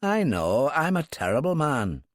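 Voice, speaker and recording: A man's voice: fairly high pitch, very animated, measured pace, no room sound, studio quality, voice pushed up. A man reading an audiobook, voicing a sardonic, cheeky Irish man with a cutting tongue.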